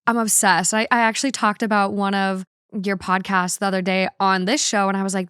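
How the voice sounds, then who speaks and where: A woman's voice: mid-range voice, level tone, a bit bright, clean tone, no echo, clean studio sound. A young woman hosting a podcast in casual chat, bubbly and enthusiastic. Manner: bubbly, enthusiastic, quick to laugh. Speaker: podcast host.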